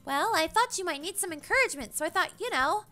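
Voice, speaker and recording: A woman doing a bubbly high-pitched schoolgirl. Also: fast, faint music behind, full character voice. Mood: pleading. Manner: high, excited, whiny. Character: bubbly, clingy teenage schoolgirl.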